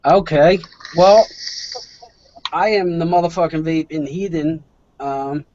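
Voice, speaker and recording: A man's voice: a little high, fairly even intonation, slow, darkish tone. A man with a South Philly accent hosting a podcast in casual chat, crude and laughing a lot. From Philadelphia, USA. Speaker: podcast host. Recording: muffled lo-fi with faint hiss.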